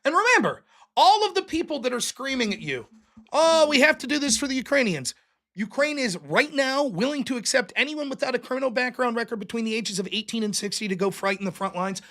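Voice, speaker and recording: A man's voice: extremely high pitch, expressive, a little fast, bright, forceful tone. A man hosting his own political commentary show, delivering a sarcastic, profane, combative solo rant and mocking his opponents.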